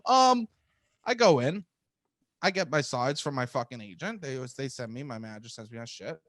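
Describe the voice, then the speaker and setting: A man co-hosting a podcast, telling profane, animated stories about auditions and laughing often. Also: medium pitch, fairly quick, dry recording, studio quality. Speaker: podcast co-host, comedian. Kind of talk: casual storytelling chat.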